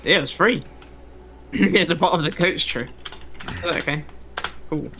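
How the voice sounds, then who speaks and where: A man's voice: on the high side, measured pace, pushed and bright, slight background noise. A British man chatting casually, rambling with frequent laughs and restarts. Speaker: gaming companion. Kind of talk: casual chat.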